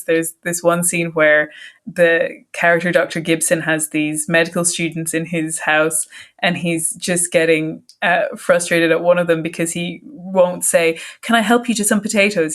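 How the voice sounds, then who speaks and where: Woman, podcast host, friendly casual chat, fairly low voice. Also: a bit bright. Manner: friendly, chatty, enthusiastic.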